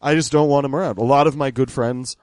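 A man's voice: mid-range voice, fairly even intonation, quick pace, darkish tone, dry recording. Guy from missouri chatting on a podcast, jokey, dry close sound. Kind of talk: casual chat.

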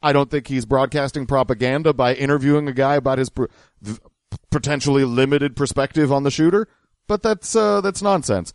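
A man's voice: medium pitch, brisk, no echo, clean studio sound. A man hosting a podcast, wryly picking apart a clip in casual chat. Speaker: podcast host. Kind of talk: casual chat reacting to clips.

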